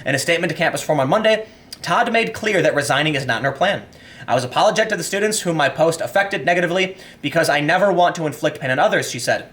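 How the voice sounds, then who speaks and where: A young man hosting an opinionated commentary monologue, animated and acting out the people in his stories, then reading news quotes aloud. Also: a little high, fast. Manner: reads news quotes aloud between rants. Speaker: commentary host.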